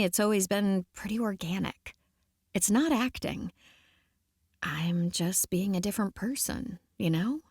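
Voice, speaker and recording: A woman's voice: mid-range voice, darkish tone, no room sound, studio quality. A woman voicing a ditzy, airheaded young actress who chomps gum and drawls vaguely.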